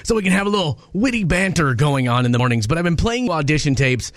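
A man's voice: a little high, very animated, quick pace, a bit bright, no room sound. A man hosting a radio morning show in a studio, chatting casually and poking fun at himself. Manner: chatty and self-deprecating. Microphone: studio microphone.

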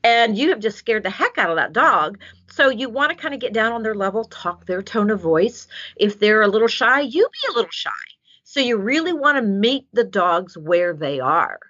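A woman dog trainer giving casual, animated advice and acting out what a dog might say. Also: medium pitch, normal speed, hardly any pauses. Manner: animated, acts out dog voices. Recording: dull lo-fi sound.

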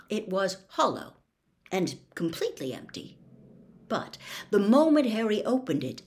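Expressive woman reading a story aloud. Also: fairly low pitch. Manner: expressive, quick, dropping to a whisper.

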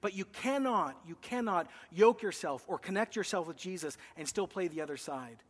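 Man, pastor, sermon, emphatic preaching, loud then hushed, high voice. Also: animated, normal speed, big-room sound. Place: church.

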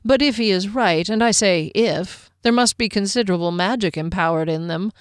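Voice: mid-range voice, normal speed, clear, resonant tone, no echo, studio quality, lightly acted. A narrator voicing a proud, guarded army major who speaks formally and courteously. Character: stern proud human army major, middle-aged.

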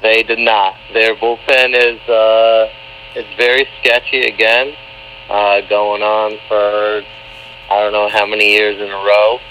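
Halting man on a crackly cell call. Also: lowish voice, level tone, bright, forceful tone. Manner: hesitant, halting, full of fillers. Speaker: podcast guest. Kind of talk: casual phone-in interview. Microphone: cell phone call. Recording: breaking-up cell phone line with hum.

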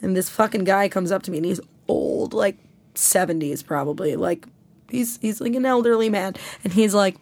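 A young woman casually telling a long story on a podcast, animated and full of swearing. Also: medium pitch, normal speed, dry recording. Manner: profane, animated, rambling storytelling.

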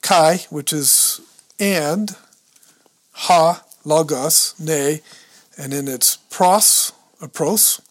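A man with a fairly high voice talks slowly and deliberately on a podcast, walking his co-host through a Bible passage. He reads verses and Greek words aloud, stumbles over the pronunciation, and thinks out loud as he hunts through his books. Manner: explains step by step, thinks aloud while leafing through books. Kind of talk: casual teaching talk on scripture.

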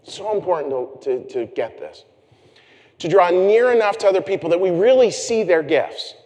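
Animated male pastor in a reverberant hall. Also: sits high, moderate pace. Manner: conversational, animated, with self-deprecating asides. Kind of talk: sermon. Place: church sanctuary.

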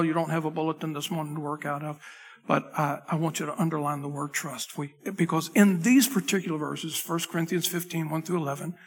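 A pastor delivers a conversational sermon from the pulpit into a microphone, his voice slightly high, husky, and fairly bright. He keeps things loose and chatty, often restarting and tossing asides to the tech crew at the back. A long reverb from the church sanctuary trails his words.

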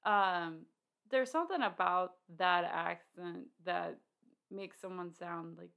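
Chatty woman with a lowish voice. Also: slow, creaky, fairly bright tone. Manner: chatty, many fillers and restarts. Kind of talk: casual film discussion.

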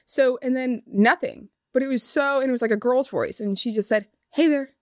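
A woman guest in a studio, casually telling ghost stories with lively laughs and acted-out bits. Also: a little high, a little fast, no room sound. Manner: animated, laughs often, acts out voices. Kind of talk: casual storytelling chat.

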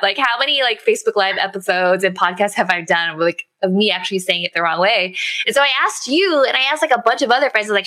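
A woman guest on a podcast, telling stories in a lively, casual way. Her voice is mid-range for a woman, and she fills her talk with "like" as she goes. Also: medium pitch, a little fast, hardly any pauses. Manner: animated storyteller, many "like" fillers. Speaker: podcast guest, social media strategist. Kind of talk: casual interview chat.

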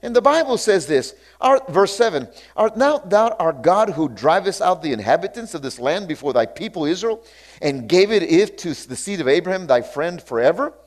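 A man preaching a sermon. He reads scripture aloud, comments on it, and mixes in call-outs and repeated hallelujahs, sometimes slowing down to stress words. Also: sits high, sing-song. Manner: sudden stretches of slow, drawn-out emphasis. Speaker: pastor.

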